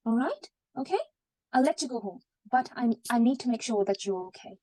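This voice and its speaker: A woman's voice: a little high, expressive, brisk, warm tone. Woman playing a reassuring junior doctor. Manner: polite, reassuring, many fillers. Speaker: student doing a mock consultation. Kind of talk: role-play clinical consultation.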